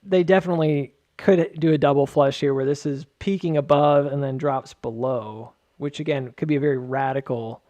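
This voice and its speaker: A man's voice: on the high side, fairly even intonation, normal speed, hardly any pauses, warm tone, no echo, lo-fi sound. A man casually walking through stock charts, rambling with joking asides and lots of filler words. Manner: filler-heavy, many "like"s. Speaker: market charting host.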